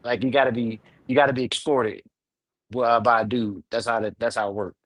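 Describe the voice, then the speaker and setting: A man hosting a live online panel, telling a rambling, profane story with big swings between loud and quiet, a little drunk. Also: medium pitch, steady tone, quick pace, dry recording, low-quality recording. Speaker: live show panel host.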